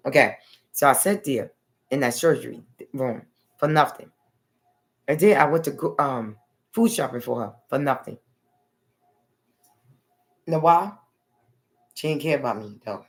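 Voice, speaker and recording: A woman vlogger telling a long personal story in a rambling, blunt way, often adding okay and honey. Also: rumbling low.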